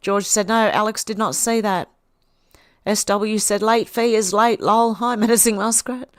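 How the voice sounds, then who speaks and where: A woman's voice: mid-range voice, steady tone, a little slow, no echo, studio quality. A middle-aged Australian woman hosting a livestream, casually reading viewers' comments aloud and answering them with small laughs. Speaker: livestream host.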